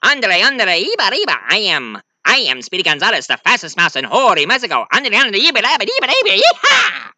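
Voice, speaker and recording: A tiny, speedy cartoon mouse whoops and hollers high and fast, as a man puts him on. The voice is very bright and leaps all over the place. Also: wildly swooping pitch, dry recording, heavily acted. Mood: excited.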